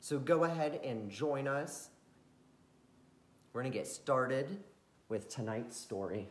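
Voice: mid-range voice, slow, roomy sound. A host greeting viewers and reading a children's bedtime story aloud in a friendly, sing-song storytelling manner.

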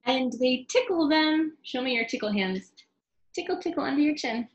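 A woman leading a children's storytime with songs and baby signs, talking in a slow, sing-song, encouraging way. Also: high voice, lively intonation, echoey room, lo-fi sound.

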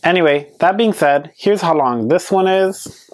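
A man's voice: a little high, a little slow. A man giving a casual, candid review on his vlog, chatty and hedging with many fillers, with playfully sassy asides. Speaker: beauty vlogger reviewing wigs. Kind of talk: casual product review chat.

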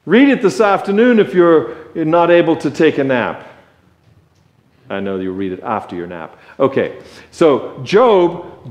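A male preacher giving a sermon in a conversational, joking way, slow and deliberate, in a church. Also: fairly high pitch. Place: church sanctuary. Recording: echoey church sanctuary.

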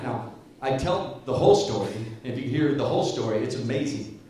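A man's voice: medium pitch, animated, fairly quick, mellow. A man in his fifties giving a storytelling speech to an audience, chuckling as he tells anecdotes. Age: 50s. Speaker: guest speaker. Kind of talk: motivational speech. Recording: echoey hall from far off.

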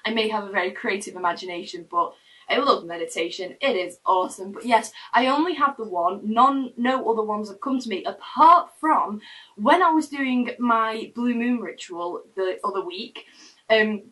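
A woman's voice: mid-range voice, animated, normal speed, fairly bright tone, far from the mic, poor audio. A young woman telling a personal story to camera in her room, in a chatty, rambling way with frequent restarts. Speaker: vlogger. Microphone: camera mic.

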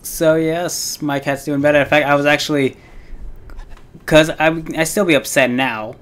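A man's voice: on the high side, fairly even intonation, moderate pace, a bit bright, soft background music. A young man streaming a game, rambling through a personal story with plenty of fillers and swearing. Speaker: gaming streamer. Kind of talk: casual storytelling while playing a game.

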